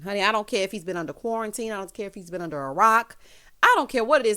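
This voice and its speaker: A sassy woman talks through a reality TV recap in a casual, gossipy way. She throws in honey and child constantly. Her voice leaps up for dramatic emphasis, in a middle register. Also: quick pace. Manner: animated swoops in pitch for emphasis.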